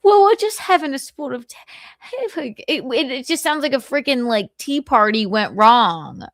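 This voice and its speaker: Woman, livestream chat, giggly joking manner, animated pitch, dry close sound. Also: moderate pace, dry recording. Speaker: streamer.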